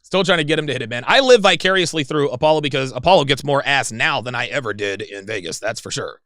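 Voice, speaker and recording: A man in his forties hosting a livestream in casual chat, rambling and excitable. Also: medium pitch, quick pace, dry recording, clean studio sound. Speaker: livestream host.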